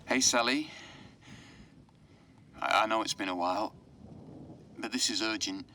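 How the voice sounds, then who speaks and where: An actor playing an anxious grown man who leaves a halting, urgent, apologetic voice message in a game. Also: on the low side, pushed and bright, slight background noise. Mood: urgent, worried. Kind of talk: game voice acting.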